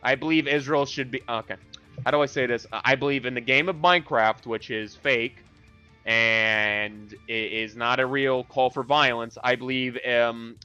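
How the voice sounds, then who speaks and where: A man's voice: medium pitch, bright, forceful tone, clear, resonant tone, no echo. A man in a heated online voice chat, ranting in a profane, provocative way. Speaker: voice chat participant. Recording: lo-fi voice chat with faint music.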